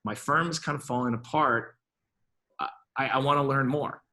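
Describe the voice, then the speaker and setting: A man in his fifties, a venture capitalist guest in an interview, who tells his career story in a lively, conversational way and acts out the dialogue he quotes, often restarting his sentences. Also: mid-range voice, moderate pace.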